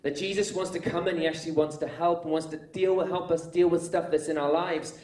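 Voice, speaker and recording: A man's voice: on the high side, steady tone, brisk. Earnest preacher man in an echoey room. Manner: earnest storytelling that builds to loud, emphatic peaks. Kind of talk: sermon.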